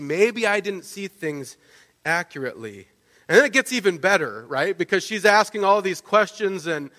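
A man preaching a sermon, telling the story in a lively way and often checking in with "right?". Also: fairly high pitch. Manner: animated storytelling, with frequent restarts and "right?" asides. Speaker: pastor. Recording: long reverb of a large hall.

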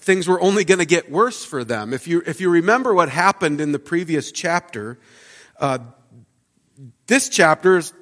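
His voice is a little high and a bit bright, with lively intonation at normal speed, as this thirty-something pastor offers a reflective, chatty sermon thick with fillers. It's recorded in a church sanctuary, where the hall's reverb lingers long.

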